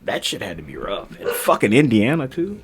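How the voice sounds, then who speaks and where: A man's voice: fairly low pitch, huge pitch swings, a little fast, a little hiss or hum. A man co-hosting a podcast, talking in a laid-back, slangy casual chat. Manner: laid-back, slangy, says "bro" a lot. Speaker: podcast co-host.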